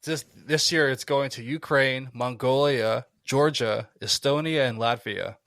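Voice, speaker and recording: A man's voice: mid-range voice, unhurried, a bit bright, no room sound, clean studio sound. A man chatting casually on a podcast, asking the others questions. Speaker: podcast co-host. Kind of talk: casual chat.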